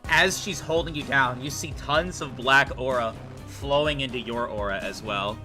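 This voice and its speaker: A man running a tabletop game on a live stream, narrating scenes with animated, laughing delivery. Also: medium pitch, normal speed, faint music behind. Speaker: game master.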